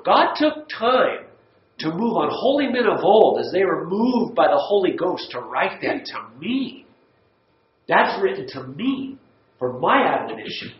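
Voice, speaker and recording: A man's voice: fairly high pitch, sing-song, moderate pace. A man teaching a church Bible study lesson, folksy and emphatic, repeating words for stress. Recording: echoey room, dull lo-fi sound.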